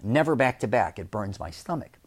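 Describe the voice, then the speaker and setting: A man from Chicago with a Chicago accent, hosting a podcast and telling a personal story in a casual, animated way, repeating words for emphasis. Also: fairly low pitch, brisk, husky. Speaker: podcast host.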